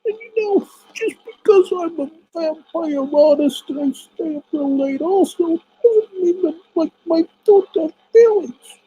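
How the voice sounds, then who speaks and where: A man voicing a whiny, childish male vampire artist in a very high voice. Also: a little slow, dark tone, lo-fi sound. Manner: whining, hurt, pleading.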